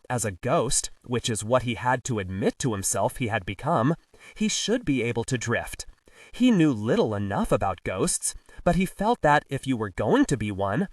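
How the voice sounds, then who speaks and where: A man narrates a comic novel with expressive, storytelling delivery. His pitch sits in the middle but moves a lot. The recording is dry, with the mic a little away from him. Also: dry recording, far from the mic. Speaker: audiobook narrator. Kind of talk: scripted narration.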